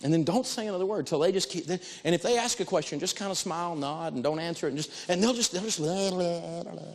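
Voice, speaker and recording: A man lecturing with emphatic, story-driven delivery, hammering home key phrases. His voice sits a bit high, and a long reverb trails each line as if in a large hall. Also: quick pace. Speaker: financial speaker teaching negotiation. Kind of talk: animated lecture with personal stories.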